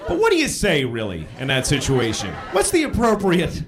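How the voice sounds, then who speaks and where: A man's voice: on the high side, wildly swooping pitch, moderate pace, crowd noise. A man doing a crude, self-deprecating stand-up routine in a conversational tone. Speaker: stand-up comedian. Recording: live stand-up with audience laughter. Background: audience laughing.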